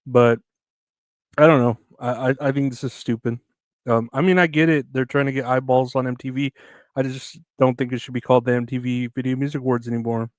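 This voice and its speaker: A man's voice: medium pitch, fairly even intonation, fairly quick, dry recording. A man hosting a solo comedy podcast, riffing on news headlines in a sardonic, profane, rambling way with many restarts. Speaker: podcast host.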